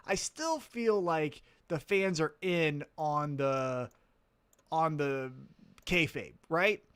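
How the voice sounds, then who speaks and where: A man co-hosting a wrestling podcast in casual chat, animated, swearing freely and laughing often. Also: a little high, slow pace, clean tone. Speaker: podcast co-host.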